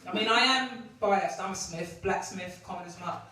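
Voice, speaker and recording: A woman's voice: on the low side, moderate pace, bright, forceful tone. A woman performing a stand-up comedy set in a club, with a brash, mocking, punchy delivery. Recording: echoey club recorded from far off. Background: audience laughter.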